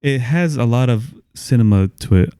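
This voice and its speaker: A man co-hosting a casual movie review podcast, laid-back and quick to agree. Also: mid-range voice, expressive, dark tone, clean tone, no room sound, clean studio sound. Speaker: podcast co-host.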